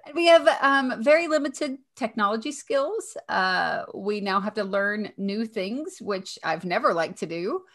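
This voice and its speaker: A woman's voice: mid-range voice, lively intonation, unhurried, hardly any pauses, a bit bright. A woman in her forties with a Southern US accent, co-hosting a podcast in a chatty, joking way with plenty of ums and laughs. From Indiana, raised in Kentucky. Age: 40s. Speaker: podcast co-host. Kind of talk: casual chat.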